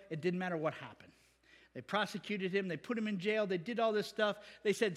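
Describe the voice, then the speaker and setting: A man preaching a sermon as pastor, animated and conversational, acting out the people he quotes. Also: sits high, a little fast. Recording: long hall reverb.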